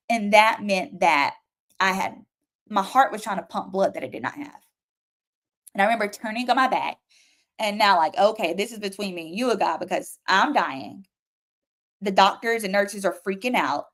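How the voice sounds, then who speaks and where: Woman, young adult, talk show guest, emotional testimony, acts out pleas and voices. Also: medium pitch. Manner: emotional, vivid storytelling with acted-out pleas. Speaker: guest telling her story.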